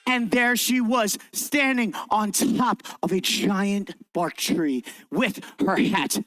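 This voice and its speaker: A young man presenting a lively, interactive children's science show and telling a story, encouraging the kids in the audience. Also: high voice, slow pace, no echo. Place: library event room.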